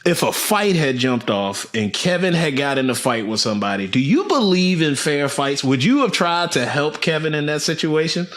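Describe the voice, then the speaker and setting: A man's voice: a little high, very animated, normal speed, hardly any pauses, fairly bright tone. Slangy man bantering on a podcast. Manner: loose slangy reactions, laughs along. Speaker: interviewer, sales manager. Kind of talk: casual banter.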